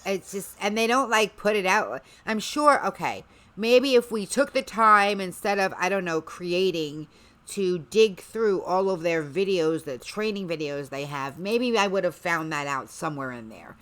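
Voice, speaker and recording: A woman's voice: fairly low pitch, animated, a little slow, fairly bright tone. A woman hosting a livestream, chatting casually in a rambling way with sarcastic asides. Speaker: livestream host.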